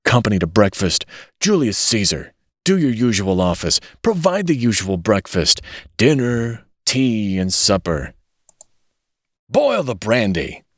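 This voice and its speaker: A man's voice: on the low side, very animated, a little slow, no room sound, clean studio sound. A man voicing a drunken ranting man in rags, roaring in a wild, slurred way. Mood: rambling.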